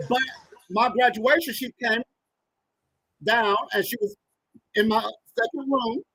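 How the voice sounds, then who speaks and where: A man in his thirties, a guest, telling a personal story with animated acted-out dialogue. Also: very high voice, slow, long pauses, slightly rough, no echo, low-quality recording. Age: 30s. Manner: animated, acts out quoted dialogue. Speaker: guest, organizational psychologist and author.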